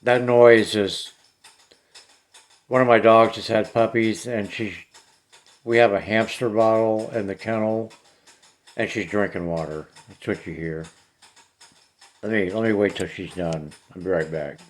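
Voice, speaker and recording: Plainspoken man with a lowish voice, a paranormal vlogger talking straight to camera. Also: fairly even intonation, a little slow, pauses often. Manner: blunt and plainspoken. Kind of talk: casual talk to camera.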